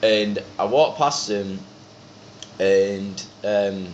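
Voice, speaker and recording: A young man, telling rapid, animated anecdotes in casual chat as a band member and podcast guest, full of swearing and acted-out quotes. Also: fairly low pitch, slight background noise. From North East England. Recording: echoey, slightly dull podcast room recording.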